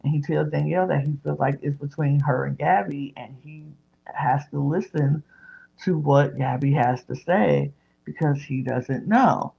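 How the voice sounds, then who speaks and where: A woman's voice: low-pitched, a little slow, creaky, husky, muffled recording. A woman hosting a podcast, retelling a reality show episode in casual chat and acting out what people said. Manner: animated retelling, acting out others' lines.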